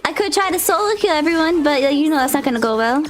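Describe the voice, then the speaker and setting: A woman streamer chatting live while playing a game, excitable and often squealing with laughter. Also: sits high, quick pace. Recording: game music behind. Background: game music and sounds.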